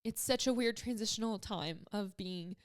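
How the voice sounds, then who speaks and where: A woman's voice: mid-range voice, normal speed. A woman in her twenties hosting a solo podcast, talking casually and emotionally, choked up and rambling with many fillers. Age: 20s. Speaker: podcast host.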